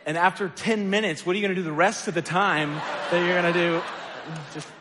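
A man's voice: sits high, steady tone, a little fast, background noise. A man giving a casual sermon, telling stories about himself with a light self-deprecating touch and plenty of filler words. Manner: conversational, self-deprecating storytelling with many fillers. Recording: echoey hall with long reverb.

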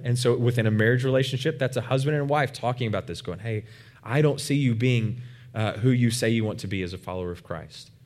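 A man preaching a sermon as a pastor, earnest and emphatic, with frequent fillers and restarts. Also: medium pitch.

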